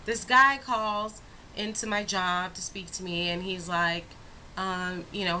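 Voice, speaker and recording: Young woman, casual vlog storyteller, bright tone, lively and expressive delivery. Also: fairly low pitch, measured pace, a little hiss or hum, poor audio. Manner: animated, expressive retelling with rhetorical asides. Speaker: vlogger.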